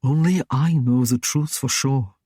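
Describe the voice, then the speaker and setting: A man reading an audiobook, voicing a stern and proud Norman knight who speaks in a gruff, commanding way. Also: mid-range voice, a little slow, mellow, no echo, clean studio sound. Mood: low tender. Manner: gruff, commanding, dryly mocking.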